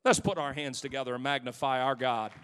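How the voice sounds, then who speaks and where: A man preaching a sermon as pastor in a church, swinging between loud exclamations and hushed asides and calling out to the congregation. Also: mid-range voice, brisk, a little hiss or hum. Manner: calls out to the congregation. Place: church sanctuary. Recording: long church hall reverb.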